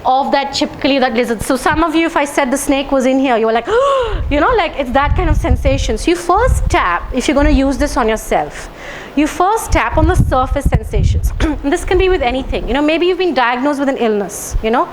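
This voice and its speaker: A woman's voice: high-pitched, expressive, a little fast, background noise. A woman speaking to a live audience, asking them questions and leading them through guided tapping phrases. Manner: engaging, asks the audience questions. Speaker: speaker leading a health talk. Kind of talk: public talk to a live audience. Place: lecture room with an audience.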